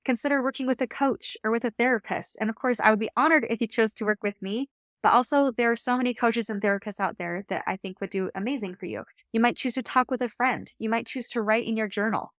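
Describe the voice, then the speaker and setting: Woman, podcast host, coach, calm, earnest, reflective, fairly high pitch. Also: fast, no echo, clean studio sound. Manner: calm, earnest, coaching tone with occasional light laughs. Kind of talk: reflective solo podcast talk.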